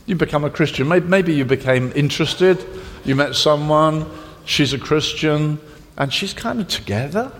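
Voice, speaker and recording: A man preaching a sermon, telling stories and acting out the people he quotes. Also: fairly high pitch. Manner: animated storytelling, acting out quoted voices. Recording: long hall reverb.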